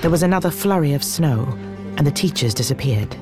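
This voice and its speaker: A narrator tells the story in a steady, measured voice, neither high nor low. Clear background music runs beneath the narration. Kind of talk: scripted narration.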